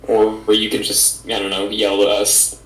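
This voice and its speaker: A man playing a tabletop game, talking in a relaxed, matter-of-fact way. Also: fairly low pitch, a little slow, reverberant, low-quality recording. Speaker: player. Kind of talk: tabletop game play, casual chat.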